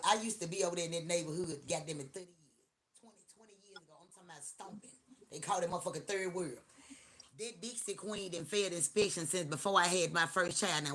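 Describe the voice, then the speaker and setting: A middle-aged woman hosting a live stream, talking in a loud, profane, joking rant. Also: fairly low pitch, a little hiss or hum. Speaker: livestream host. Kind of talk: casual live-stream chat.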